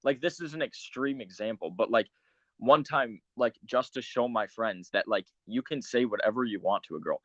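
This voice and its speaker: A man's voice: lowish voice, expressive, normal speed, fairly bright tone, no room sound. Teenage man, heated, dry lo-fi sound. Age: teens. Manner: heated, full of "like" fillers. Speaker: guest. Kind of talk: casual chat.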